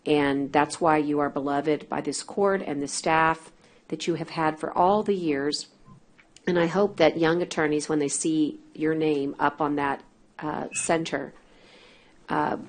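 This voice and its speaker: A woman chairing a county court meeting, calling votes and giving a measured tribute. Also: deep voice. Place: government meeting.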